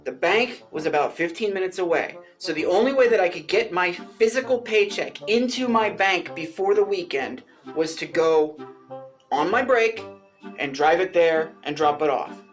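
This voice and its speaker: A man vlogger telling a personal story in a casual way, animated and exasperated, swearing freely and pushing his pitch up for emphasis. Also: moderate pace, faint music behind.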